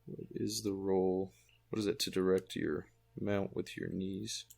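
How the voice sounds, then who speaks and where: A man narrating a tabletop game as game master, slow and halting with many fillers. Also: sits low, fairly even intonation, vocal fry, a little mellow, breathy edge.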